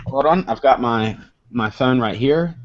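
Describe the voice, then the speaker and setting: A man's voice: medium pitch, a little slow, over a noisy crowd. A man co-hosting a live online show in casual chat, rambling with many restarts. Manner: rambling, with restarts and "you know"s. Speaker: co-host. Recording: dull lo-fi stream audio.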